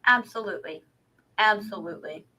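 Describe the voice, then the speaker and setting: Bright, chatty woman co-host. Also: mid-range voice, fairly quick, husky. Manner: chatty, self-deprecating, asks rhetorical questions. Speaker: podcast co-host. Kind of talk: casual chat.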